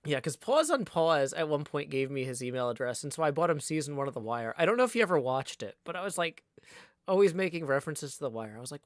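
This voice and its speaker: A man's voice: a little high, very animated, fast talker, no room sound, studio quality. A man casually chatting and calling his moves while streaming a card game, joking as he goes. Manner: playful, chatty, joking asides. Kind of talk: casual live-stream chat and play-by-play.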